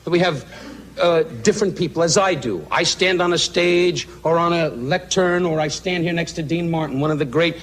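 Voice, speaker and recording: A man doing insult roast stand-up on a banquet stage, firing brash rapid jabs at the audience. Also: on the high side. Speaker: roast comedian. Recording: noisy old archive recording. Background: laughing audience.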